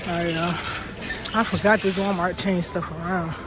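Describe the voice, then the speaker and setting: In a noisy setting, a young woman talks to her viewers while walking with mics clipped on, keeping it relaxed, laughing frequently and saying y'all. Her lowish voice stays steady and moderately paced.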